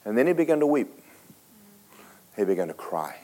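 A man preaching a sermon, telling a story dramatically, switching between loud and hushed and talking straight to the congregation. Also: fairly low pitch, very animated, moderate pace. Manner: folksy, speaks to the congregation directly.

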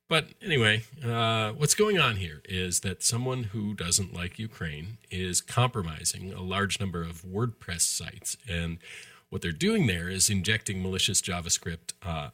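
A man co-hosts a podcast and explains with dry wisecracks. His very low voice is husky yet has a bright, forward edge. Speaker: podcast co-host. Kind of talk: casual podcast chat and explanation.

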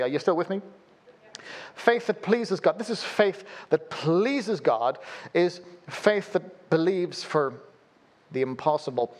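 A pastor delivers a sermon, sharing funny stories and abruptly sinking into a low, hushed voice.

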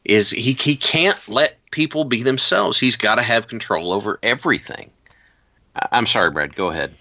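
A man hosting a casual podcast, telling stories in an animated way and acting out quotes. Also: on the low side, moderate pace, no room sound. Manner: animated storyteller, acts out quotes. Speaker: podcast host.

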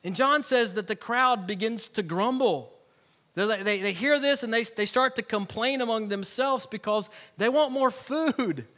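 A man's voice: very high-pitched, unhurried, pushed and bright. A male pastor preaching a sermon in a conversational way, with humorous asides and emphatic repeated words.

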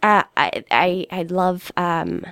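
A woman guest on a comedy interview, talking in an earnest, halting way with many fillers and restarts. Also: on the low side, vocal fry, fairly bright tone, no room sound, studio quality. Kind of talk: deadpan improv comedy interview.

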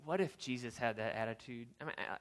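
Speaking fast in a mid-range male voice, this youth pastor tells stories in a relaxed sermon. His delivery is lively and conversational, peppered with fillers and false starts.

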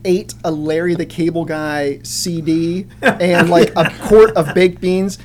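A man telling funny stories in casual chat as a comedian guest, often jumping into loud character voices. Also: a little high, fairly even intonation, takes it slowly, slight background noise.

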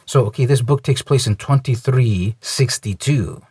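A man casually reviewing a comic book, talking in a relaxed, conversational way with light opinions. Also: medium pitch, moderate pace, few pauses, breathy edge, no echo.

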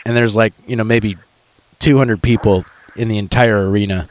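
A man's voice: on the low side, steady tone, moderate pace. A man from Washington state co-hosting a casual chat, laid-back and profane, laughing easily. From Washington state, USA. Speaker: podcast co-host.

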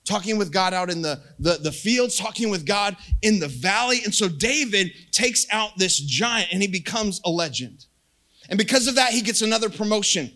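A man preaching a casual, jokey sermon, telling a story and acting out quotes. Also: moderate pace. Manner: animated, jokey, acts out quotes with rising pitch. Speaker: pastor.

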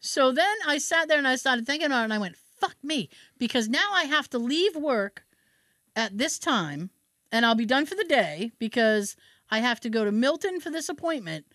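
A woman's voice: high voice, big pitch swings, moderate pace, fairly bright tone, no room sound, clean studio sound. A woman chatting casually as a podcast host, telling a story with lots of swearing and acting out both sides of phone calls. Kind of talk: casual chat.

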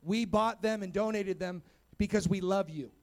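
High-voiced animated young pastor preaching. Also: male voice, normal speed, vocal fry. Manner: animated storytelling preacher, rising to emphatic calls. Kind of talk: sermon to youth and church. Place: church sanctuary.

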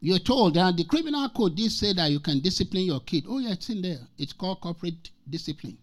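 A man's voice: high-pitched, lively intonation, brisk. A man in his sixties from Nigeria, preaching as a guest speaker and telling stories from his own life. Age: 60s. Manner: emphatic, repeats scripture lines, tells personal stories. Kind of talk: sermon.

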